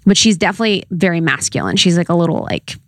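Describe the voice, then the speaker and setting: A woman's voice: on the low side, expressive, fast, no echo, studio quality. A young woman in casual conversation, telling a story with lots of "like" and quoted voices. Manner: chatty storyteller, heavy use of "like". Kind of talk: casual chat.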